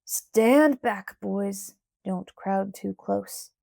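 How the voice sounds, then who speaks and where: A woman reader voicing a calm, firm frontier father who speaks quietly to an angry crowd. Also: mid-range voice, moderate pace, dry recording, studio quality, natural voice. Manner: quiet and cool.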